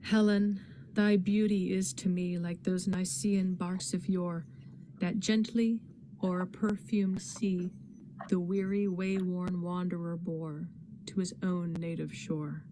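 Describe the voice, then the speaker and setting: A woman reading poetry aloud in a dramatic, expressive recitation. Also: on the low side, slow, a little hiss or hum. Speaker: poetry reader in a readathon.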